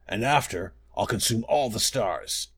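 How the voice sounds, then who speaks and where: A man's voice: fairly low pitch, animated, measured pace, a bit bright, slightly rough, no echo, clean studio sound, heavily acted. A man voicing a huge, ravenous male wolf who snarls his threats, in a storybook reading. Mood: snarling menace.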